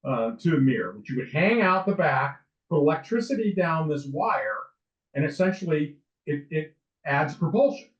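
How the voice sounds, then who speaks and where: A man in his sixties, a lawyer guesting on an interview, tells stories casually in a fairly high, expressive voice at a moderate pace. He rambles, often restarting and saying "um." The sound is distant, roomy and dull.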